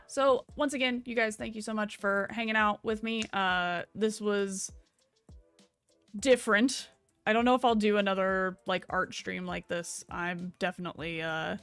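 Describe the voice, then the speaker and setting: A woman's voice: mid-range voice, fairly bright tone, clean tone, no room sound. A young woman streamer chatting casually from home at her computer, rambling and swearing a little as she wraps up. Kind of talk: casual stream sign-off chat.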